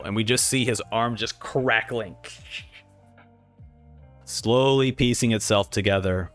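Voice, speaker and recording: A man's voice: mid-range voice, takes it slowly, soft background music. A man hosting a casual manga reaction, narrating panels and acting out the dialogue. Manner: animated, acts out dialogue. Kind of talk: casual commentary.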